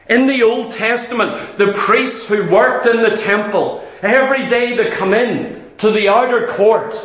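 A man with a Northern English accent preaching a sermon, fervent and quick, firing rhetorical questions at his listeners. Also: extremely high pitch, a bit bright, echoey room.

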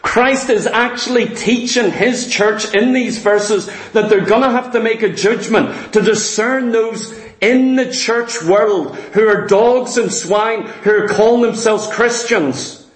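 A man delivers a sermon in a high voice at an unhurried, deliberate pace. He hammers his points through rhetorical questions he answers himself. The sound rings with the echo of a roomy church hall. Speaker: preacher.

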